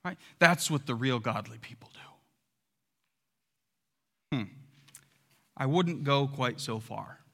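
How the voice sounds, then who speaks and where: A man's voice: medium pitch, takes it slowly, vocal fry, long pauses, pushed and bright, long reverb tail. A man pastor preaching a conversational sermon to his congregation in a church, often asking them rhetorical questions.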